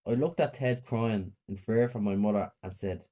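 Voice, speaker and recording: A man narrating a first-person horror story in a plain, flat reading. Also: fairly low pitch, moderate pace.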